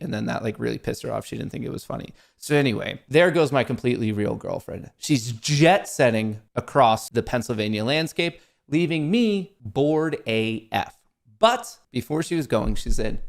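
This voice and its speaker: A man's voice: mid-range voice, expressive, normal speed, gravelly. A male show host telling a self-mocking comic story, swearing casually and acting out his own thoughts.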